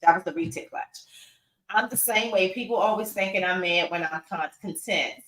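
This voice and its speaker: A woman co-hosting a casual podcast livestream from home, outspoken and animated, laughing often. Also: medium pitch, moderate pace, recorded from a distance. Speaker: podcast co-host and reptile breeder. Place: room with her animals at home. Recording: echoey room, voice a bit off-mic.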